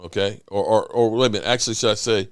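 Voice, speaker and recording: A man hosting a sports podcast in casual talk, emphatic and animated, often restarting his sentences. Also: on the low side, quick pace, clear, resonant tone, no room sound, studio quality.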